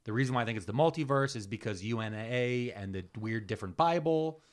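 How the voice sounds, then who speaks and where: Man co-host, halting and thinking aloud. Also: medium pitch, lively intonation. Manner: halting, with many fillers and restarts, thinking aloud. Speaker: podcast co-host. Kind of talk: casual chat.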